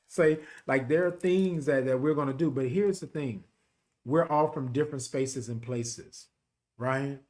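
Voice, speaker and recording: A man from Texas with a country twang, hosting a casual, emphatic talk show and speaking straight to his listeners in a folksy way. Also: medium pitch. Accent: Texan, country. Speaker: podcast host and HIV advocate. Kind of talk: casual direct-to-audience talk.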